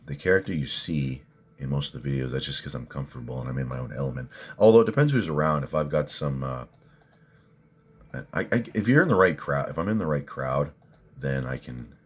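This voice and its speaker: A man ranting on a livestream while reading viewer comments, cursing, bursting into loud outrage and then muttering. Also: rumbling low, husky. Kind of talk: profane ranting livestream chat.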